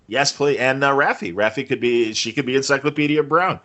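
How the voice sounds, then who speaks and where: A man's voice: mid-range voice, a little fast, pushed and bright. Rambling, joking male podcast co-host. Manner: rambling, joking, many filler restarts. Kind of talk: casual chat reviewing a TV episode.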